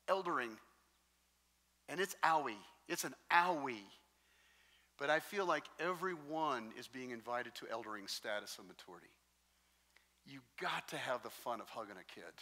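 A man preaching a sermon as pastor, telling stories in a lively, joking way. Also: medium pitch. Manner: animated, jokey storytelling. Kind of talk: sermon with storytelling. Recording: long reverb in a large hall.

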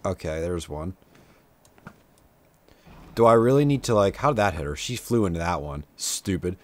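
There's slight background noise as a young man with a low voice and lively intonation talks at normal speed. He gives casual let's-play commentary on a game, chatty and self-mocking, with sudden outbursts at the enemies.

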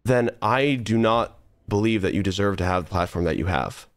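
A man's voice: fairly low pitch, animated, moderate pace, no room sound, studio quality. A young man streamer talking earnestly in a casual, rambling monologue full of restarts while he plays a game. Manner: rambling, earnest, many restarts and trailing asides.

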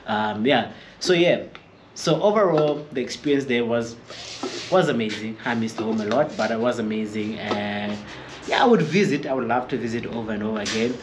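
A man's voice: mid-range voice, normal speed, background noise. A young South African man with a South African accent, vlogging in a rambling, hesitant storytelling style with many repeated words. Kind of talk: casual storytelling to camera.

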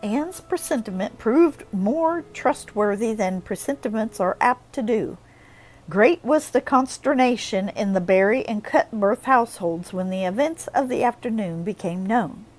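A woman narrating a classic novel as an audiobook, with expressive storytelling. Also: mid-range voice, a little slow, low-quality recording.

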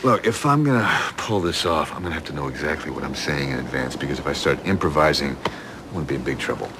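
A man's voice: very deep voice, animated, fast talker. An actor playing an English man with an English accent who grumbles dryly and mocks himself over faking an American accent, in soap opera acting. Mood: exasperated. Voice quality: dry, self-mocking grumbling. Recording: noisy old TV recording.

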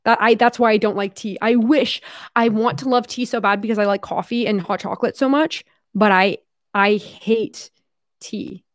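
A woman's voice: mid-range voice, steady tone, moderate pace, dry recording, clean studio sound. A young Canadian woman in her twenties vlogging casually, chatty and giggly as she reads fan mail aloud. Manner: chatty, giggly, swears casually, drifts into a mock Australian accent when reading. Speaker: YouTuber. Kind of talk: casual vlog, reading fan letters aloud.

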